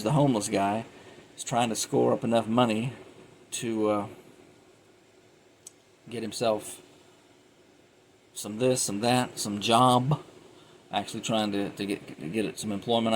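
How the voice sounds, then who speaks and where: A man's voice: fairly low pitch, slight background noise, rough recording. A man giving a casual, rambling film review, retelling scenes animatedly and often laughing.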